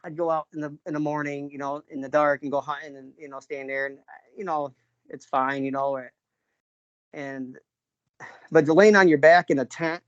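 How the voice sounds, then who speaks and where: A man from New York telling a personal story in a loose, rambling way, full of fillers and restarts, often clearing his throat. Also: fairly high pitch, fairly even intonation, normal speed, no echo. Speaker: interviewee, father recounting an encounter. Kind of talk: casual spoken storytelling. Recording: dull lo-fi recording.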